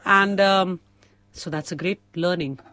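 Animated middle-aged Indian woman telling stories. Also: mid-range voice, normal speed, no room sound. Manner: animated, acts out quoted dialogue with shifting voices. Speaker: guest. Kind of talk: conversational storytelling.

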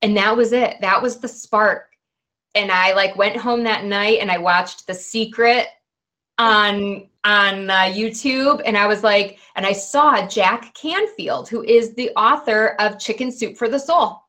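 A woman in her forties telling her own story as a podcast guest, chatty and animated, dotting her talk with "like" and "you know". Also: medium pitch, measured pace. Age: 40s. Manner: chatty, animated, peppered with "like" and "right". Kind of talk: candid personal storytelling.

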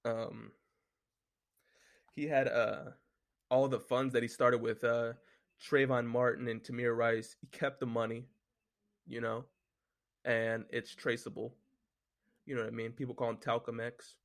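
Reading off his notes as a solo commentator, this man speaks a little slowly, pausing often, in a medium-pitched voice with vocal fry and little pitch movement. His casual rant and sports talk is heated, profane, and packed with "you know what I'm saying."

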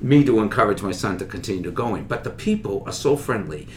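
A middle-aged man from Massachusetts, a comedian guest telling animated anecdotes with acted-out voices on a talk show. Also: fairly low pitch, fast, slight background noise.

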